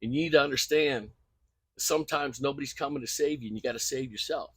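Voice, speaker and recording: A man's voice: mid-range voice, quick pace, breathy edge, no room sound. An older man, a coach, telling stories in an earnest, emphatic way during an interview. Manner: earnest, emphatic storytelling with repeated phrases. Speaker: guest coach. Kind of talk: conversational interview.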